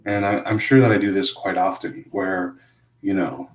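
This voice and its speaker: A man talking to camera in a hesitant, self-critical confessional monologue, full of pauses and restarts. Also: deep voice, little pitch movement, echoey room, low-quality recording. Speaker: vlogger.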